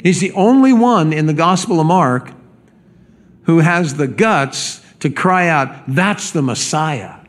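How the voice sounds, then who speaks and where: A male pastor delivering a sermon in a somewhat high voice. He speaks emphatically and often doubles back on words while building his point. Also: unhurried.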